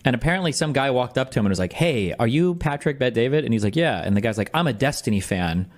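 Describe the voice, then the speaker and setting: A man streaming live, reacting to a video with quick, incredulous, sarcastic commentary. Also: mid-range voice, animated.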